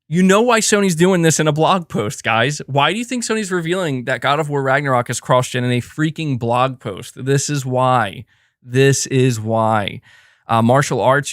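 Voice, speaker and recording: A man hosting a live reaction stream. He reads out viewer messages and talks in quick restarts. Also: a little high, fairly bright tone, dry recording, clean studio sound. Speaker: livestream host.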